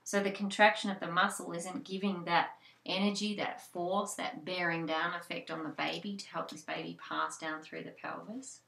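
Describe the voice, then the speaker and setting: A woman's voice: lowish voice, fairly even intonation, moderate pace, creaky, hardly any pauses, sharp tone, echoey room. A woman with an Australian accent, a childbirth educator giving an informal talk with many fillers and restarts. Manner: conversational, with frequent fillers and restarts.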